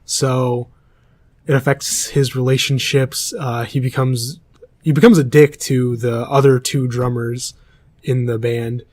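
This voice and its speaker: A man's voice: mid-range voice, steady tone, unhurried, darkish tone. A young man co-hosting a casual podcast chat, rambling through a film plot and losing his place as he goes. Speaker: podcast co-host.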